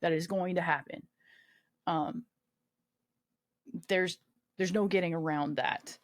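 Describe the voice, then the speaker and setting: A woman's voice: lowish voice, fairly even intonation, slow pace. Candid, profane woman telling her story. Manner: profane, self-mocking humor with frequent fillers. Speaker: podcast guest, army veteran.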